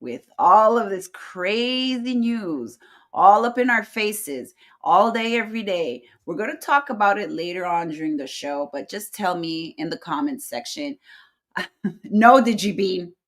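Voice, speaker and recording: A woman's voice: medium pitch, lively intonation, a little slow. Chatty, sassy woman hosting a livestream. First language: French. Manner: chatty, sassy, calls viewers y'all and honey. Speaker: host. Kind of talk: casual livestream chat.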